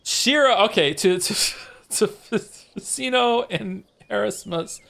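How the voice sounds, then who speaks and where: A man's voice: high voice, takes it slowly, gravelly, pushed and bright. A man streaming a game, reading its text aloud and swearing often in rambling asides, stumbling over names. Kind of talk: live game stream read-along.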